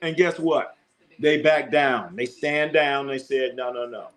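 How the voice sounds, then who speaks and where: A man hosting a casual live sports stream, talking to chat with animated bursts of excitement. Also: unhurried. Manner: animated, jumps into high excited shouts.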